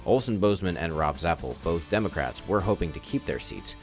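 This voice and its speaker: A man reading local news as a TV anchor, in a measured, formal delivery. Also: sits low, animated, faint music behind.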